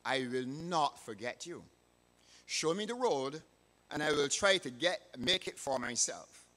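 A man's voice: fairly high pitch, lively intonation, a little slow, bright, forceful tone. A man reading the part of a hungry, lost hunter who coaxes a boy, in a reverberant hall. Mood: coaxing. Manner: coaxing, then indignant. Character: hungry, scheming nobleman posing as hunter.

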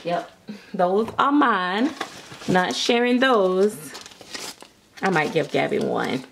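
A woman chatting excitedly and nervously through an unboxing vlog, with frequent giggles and gasps. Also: mid-range voice, slow pace, gravelly, slight background noise. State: nervous and jittery. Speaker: vlogger.

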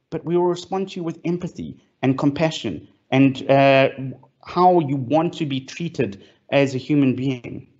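A man from South Africa, speaking as a fireside-chat guest over a video call, has a mid-range, darkish voice and a measured pace. He's enthusiastic, with many fillers and restarts, and the online call audio is lo-fi.

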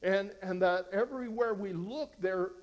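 High-voiced fervent male pastor preaching. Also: moderate pace, muffled recording. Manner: fervent, exhorting, voice rises when fired up; conversational, frequent restarts. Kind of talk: verse-by-verse sermon.

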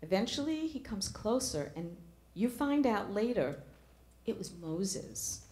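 A woman's voice: mid-range voice, sing-song, unhurried, mellow, reverberant. A middle-aged woman preaching a sermon in a church, earnest, asking the congregation questions.

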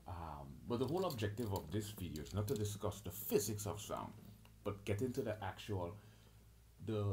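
A man's voice: on the low side, darkish tone, slight background noise. A man giving a rambling solo lecture on his own channel, listing terms and restarting his sentences often. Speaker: channel host.

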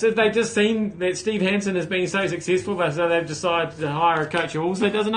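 A man hosting a solo comic livestream, with wry deadpan asides and sudden loud outbursts. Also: sits high, a little fast, hardly any pauses. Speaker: host. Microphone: phone camera.

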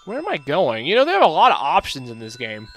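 A man talks through a video game in a loose, casual commentary, his voice sitting a little high. He gets excitable and swears freely, sometimes reading the game's text aloud. Game music plays clearly beneath him. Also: quick pace. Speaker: let's play gamer.

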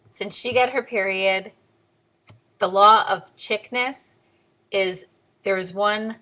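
Bright-voiced blunt woman vlogger. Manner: blunt, animated, swinging pitch way up for quoted voices. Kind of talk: casual video diary.

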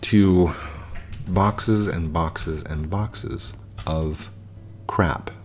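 Low-voiced man musing while gaming. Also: drawn-out words, a little hiss or hum. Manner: reflective, frequent restarts and fillers. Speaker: gaming YouTuber. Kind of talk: casual talk while playing.

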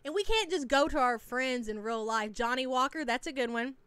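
A woman's voice: high-pitched, fairly quick, a bit bright, clear, resonant tone, dry recording. A woman hosting a casual live-stream reaction, chatty and teasing as she reads chat names aloud.

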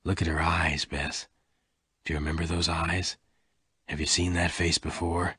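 A man voicing Lassiter, a gruff older gunman, speaking low, quiet and gentle. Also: flat delivery, normal speed, no echo, studio quality, heavily acted.

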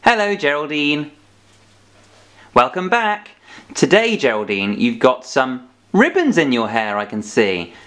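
A man's voice: medium pitch, very animated, a little slow, a bit bright. A man teaching a children's phonics lesson, playful and coaxing as he drills letter sounds.

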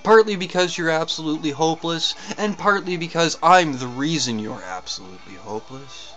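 A man's voice: on the high side, a little fast, fairly bright tone, faint music behind, voice pushed down, lightly acted. A man voicing a hard-drinking, brash male pasta deity who talks with exasperated swagger.

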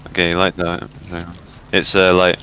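A man trash-talks his friends over voice chat, cursing freely and laughing between callouts. His voice sits fairly low but comes across bright and forceful. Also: monotone, normal speed, a little hiss or hum. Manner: profane, joking banter with frequent laughs. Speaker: gamer in a raid. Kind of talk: casual voice chat while gaming.

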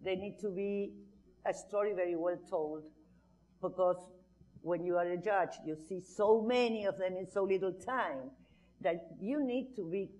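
A woman's voice: on the low side, a little slow, mellow, rough recording. A woman speaking on an advertising industry panel, earnest and emphatic, with frequent restarts. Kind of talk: panel discussion.

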